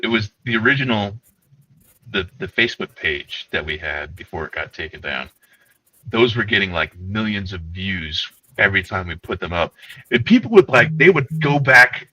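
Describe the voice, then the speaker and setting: Profane, rambling man with a low voice. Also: moderate pace, dull audio. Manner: rambling, profane, animated storytelling. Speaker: co-host. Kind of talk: casual livestream chat.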